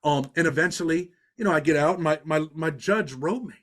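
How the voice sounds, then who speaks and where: A man's voice: on the high side, brisk, fairly bright tone. A middle-aged man with a New York accent, a podcast guest telling long stories in an earnest, street-talking way, full of "you know" and restarts. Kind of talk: storytelling in a podcast interview.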